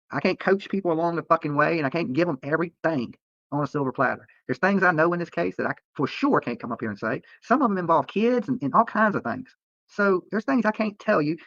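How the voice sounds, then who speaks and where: A man's voice: on the high side, creaky, a bit bright, no room sound. A man live-streaming from a hotel room, ranting at critics in a profane, heated and repetitive way. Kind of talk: late-night livestream rant. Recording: dull lo-fi stream audio.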